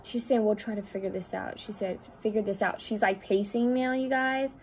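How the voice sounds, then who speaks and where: A woman psychic medium talking at home, relaying messages in a halting, repetitive way that often drops to a hushed voice. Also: mid-range voice, a little hiss or hum, low-quality recording. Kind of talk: spirit-channeling video monologue.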